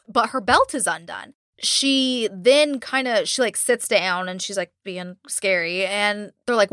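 A woman's voice: medium pitch, moderate pace, fairly bright tone, no room sound, studio quality. A woman podcast host casually retelling a haunted-house episode, acting out quotes and swearing freely. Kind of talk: casual storytelling chat.

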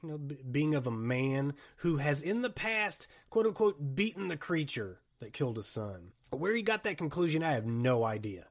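A man hosting a podcast, chatting about a horror film in a rambling, jokey, animated way. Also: a little high, moderate pace, few pauses. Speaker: podcast host. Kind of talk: casual movie chat.

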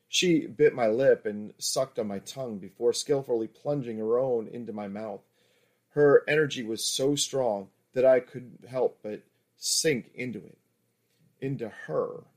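Man narrating a steady erotic audiobook. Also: mid-range voice, measured pace.

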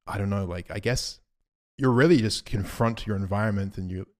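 A young man with a low voice talks in a relaxed, reflective way. His sentences tend to trail off and get quieter. He speaks casually, as on a podcast among friends. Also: a little fast. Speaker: podcast co-host. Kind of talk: casual chat.

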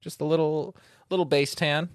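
A man's voice: a little high, steady tone, normal speed, no echo. Male co-host, laid-back and joking, casual swearing, dry close mic. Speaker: co-host reviewing tequila. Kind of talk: casual chat.

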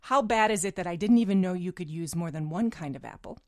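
A woman's voice: lowish voice, expressive, fast, darkish tone, dry recording. A woman radio host chats conversationally with her guest and her listeners. The studio sound is dry and close, and her voice sits mid-range. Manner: chatty, conversational. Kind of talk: radio talk show hosting. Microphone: studio mic.

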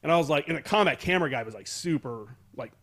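A man's voice: on the high side, animated, fast talker, fairly bright tone. A man from the United States telling a war story as a podcast guest, rambling, swearing and backtracking as he recalls. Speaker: podcast guest, Marine veteran. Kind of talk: casual war storytelling interview.

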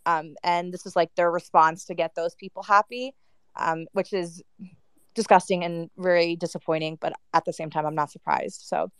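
A woman's voice: fairly low pitch, fairly even intonation, moderate pace, a bit bright, clear, resonant tone, no room sound. A woman in a casual audio chat room, talking heatedly and filling her speech with "like" and "um". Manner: heated, with frequent "like" and "um" fillers. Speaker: guest speaker.

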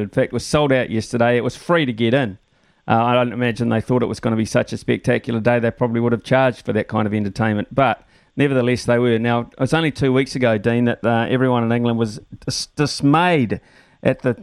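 A man hosting a talkback radio show, chatting with callers in a relaxed way with many fillers. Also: medium pitch, clear, resonant tone, no room sound.

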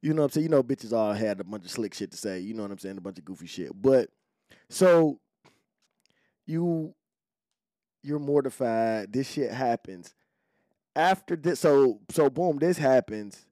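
A young adult man hosting a podcast in casual, profane, animated chat, speaking to his listeners. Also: medium pitch, moderate pace, long pauses, dry recording. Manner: profane, animated, talks straight to male listeners. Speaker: podcast host.

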